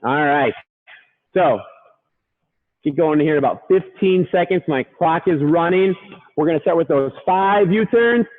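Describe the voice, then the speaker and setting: A man's voice: fairly high pitch, expressive, measured pace, long pauses. Upbeat male workout coach, tinny sound. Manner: upbeat, counting reps and urging on. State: out of breath at times. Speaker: fitness coach.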